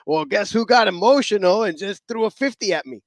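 High-voiced gloating man co-host. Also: a little fast, no room sound. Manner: boastful, gloating, animated. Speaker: regular co-host. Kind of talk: casual talk show banter.

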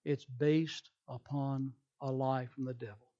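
A man's voice: mid-range voice, fairly even intonation, slow pace, mellow, lo-fi sound. A male pastor preaching a sermon emphatically, acting out people's excuses in quoted voices.

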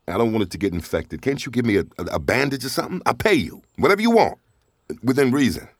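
A man's voice: mid-range voice, sing-song, quick pace, no room sound, studio quality. An actor playing a stranded, wary man who pleads and panics, in an audio drama. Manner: jittery, pleading, bursts into yelling for help. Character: stranded wary man from Detroit, rattled, talkative. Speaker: stranded traveler.

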